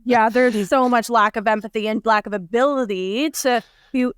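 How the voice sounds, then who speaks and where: A woman's voice: a little high, normal speed, smooth, dry recording, clean studio sound. A woman hosting a podcast conversation, talking casually with many fillers. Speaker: podcast host.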